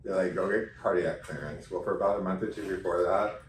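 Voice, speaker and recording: A man as an interview guest, talking in an animated, chatty way and laughing as he tells stories. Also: sits low, a little fast, a little hiss or hum. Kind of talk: casual interview chat. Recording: echoey room, mic at a distance.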